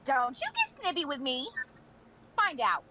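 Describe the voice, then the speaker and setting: A woman's voice: high-pitched, huge pitch swings, measured pace, bright, forceful tone, full character voice. A woman voicing a capricious, playful female villain boss in a live fan audio drama read, sing-song and bossy.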